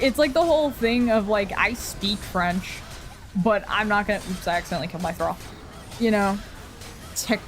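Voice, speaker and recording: A woman chatting casually while streaming a game, rambling, swearing freely and laughing often. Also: medium pitch. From Canada. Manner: rambling, profane, frequent laughs.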